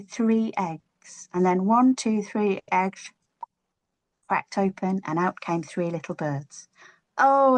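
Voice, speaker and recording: Female storyteller, expressive children's tale, playful delivery. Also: medium pitch. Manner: expressive, playful, drawn-out words.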